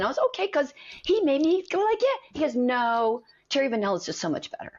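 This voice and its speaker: This middle-aged woman talks fast in a voice on the high side with a breathy edge. Working as an acting coach, she tells animated stories in conversation, acting out quoted voices, on a dull lo-fi recording.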